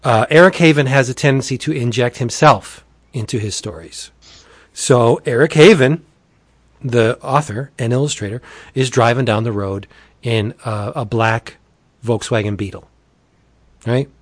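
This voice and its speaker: Excited man retelling a comic. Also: medium pitch, unhurried, no echo. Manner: animated, enthusiastic, profane storyteller. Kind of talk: casual chat, retelling a comic.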